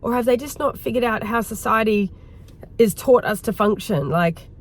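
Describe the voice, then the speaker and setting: A woman hosting her own video and leading a heartfelt guided reflection, rambling gently and filling her talk with "like". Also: on the high side, normal speed. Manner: rambling, heartfelt, full of "like" fillers. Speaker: wellness host.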